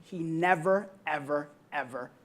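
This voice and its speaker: Telling a personal story on a conference panel, a young woman speaks in a deep voice. She is earnest, pausing reflectively and saying um often.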